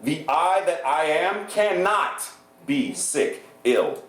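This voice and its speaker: Male guest minister, sermon, lively swooping delivery, slightly high voice, echoey church hall. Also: slow. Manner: animated, playful, laughs often.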